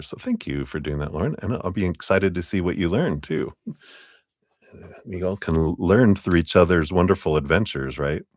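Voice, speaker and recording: A deep-voiced man with a slight Southern US twang talks his way through a live tarot reading. He speaks slowly, rambles casually and laughs often. The sound is close and dry. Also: creaky, darkish tone, no echo. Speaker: tarot reader hosting a live stream.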